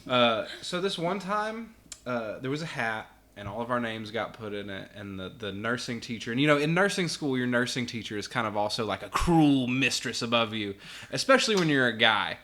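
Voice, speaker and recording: Bright, lively man telling a story. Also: mid-range voice, moderate pace. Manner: animated, acts out voices in anecdotes, laughs often. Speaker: podcast guest. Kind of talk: casual storytelling.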